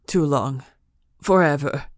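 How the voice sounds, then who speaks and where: A woman voicing a deep-voiced, broken prisoner who speaks in weak, sobbing fragments. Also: slow pace, dry recording, clean studio sound. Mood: despairing.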